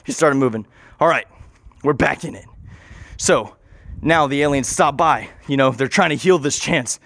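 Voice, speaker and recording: Give me an excitable man spinning a rambling, profane story, with a dry, close sound. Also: medium pitch, moderate pace, no room sound. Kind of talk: improvised absurd storytelling.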